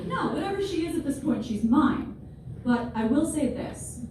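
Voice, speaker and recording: A woman's voice: high-pitched, animated, normal speed. A woman in her twenties doing a stand-up comedy set in front of a live audience, wry and self-deprecating, with playful asides. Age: 20s. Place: large room with a live audience. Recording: very echoey hall, distant, noisy.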